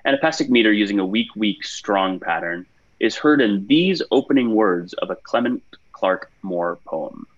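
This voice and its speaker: A man with a low, husky voice hosts a trivia game over a video call. His delivery swings up and down as he reads questions and praises players, and the sound is dull and lo-fi. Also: expressive, moderate pace. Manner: upbeat, chatty asides between questions. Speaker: quiz show host.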